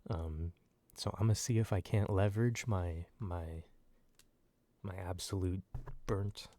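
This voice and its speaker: A man on a close microphone in a soft-spoken ASMR ramble, ranting loosely with lots of fillers and swearing, sometimes sinking to near whispers. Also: deep voice, steady tone, a little slow, no echo. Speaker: ASMR channel host.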